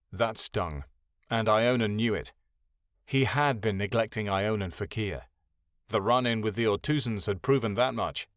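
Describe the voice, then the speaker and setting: A man narrating a fantasy audiobook in a calm, even storytelling voice. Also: on the low side, unhurried, dry recording, clean studio sound.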